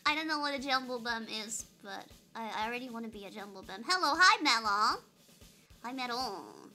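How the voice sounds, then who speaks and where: A woman's voice: a little high, fast talker, pushed and bright. A young woman streaming a game, chatting playfully with her chat and giggling often. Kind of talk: casual live-stream chat.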